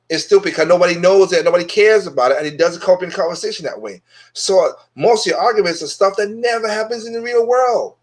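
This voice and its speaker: Blunt man, somewhat high voice. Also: brisk. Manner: blunt and dismissive, restarts often. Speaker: host of an opinion show. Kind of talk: casual opinion monologue.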